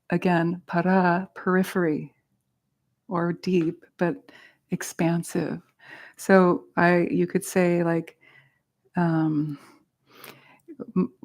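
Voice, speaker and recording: Woman meditation teacher from Central California, unhurried delivery, gentle, explanatory, a little playful. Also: on the low side. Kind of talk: teaching a Buddhist class.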